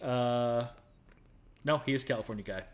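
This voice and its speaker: A man co-hosting a casual film review podcast, animated and quick to laugh, with jokey asides. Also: mid-range voice. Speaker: podcast co-host.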